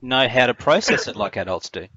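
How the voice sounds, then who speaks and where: A male radio host who asks measured, reflective questions. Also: mid-range voice, animated, noisy background. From Australia. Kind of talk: interviewing. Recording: dry, slightly muffled.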